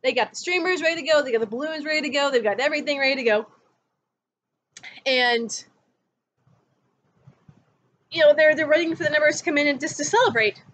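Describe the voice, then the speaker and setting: A woman's voice: high voice, a little fast, long pauses, a bit bright. A woman history teacher giving a casual recorded lecture at home, telling the story in a chatty way and acting out quotes. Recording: dull lo-fi recording.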